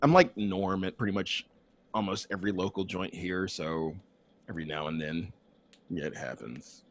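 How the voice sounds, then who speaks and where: A man's voice: low-pitched, normal speed. A man cohosting a casual gaming podcast, defensive and exasperated, swearing as he laughs things off.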